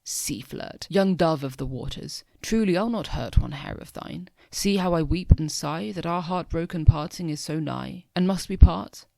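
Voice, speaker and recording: A man's voice: fairly high pitch, normal speed, gravelly, hardly any pauses, a little mellow, dry recording. A young man reading the part of a cruel sorceress goddess, taunting in mock-tender verse.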